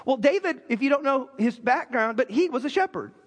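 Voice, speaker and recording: High-voiced preacher in a reverberant hall. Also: male voice, brisk. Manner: conversational, animated storytelling with many fillers. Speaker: pastor. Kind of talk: sermon.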